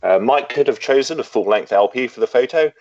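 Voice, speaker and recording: A man's voice: medium pitch, expressive, brisk, darkish tone, no room sound, lo-fi sound. A man co-hosting a casual podcast, chatting about photos and reading a listener's email aloud with dry, wry asides. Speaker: podcast co-host.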